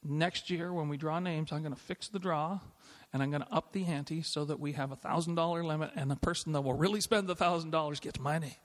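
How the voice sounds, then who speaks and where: Middle-aged male pastor, sermon, conversational with restarts, slightly high voice, long church reverb. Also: steady tone, brisk, hardly any pauses. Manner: conversational, with frequent restarts and light laughs.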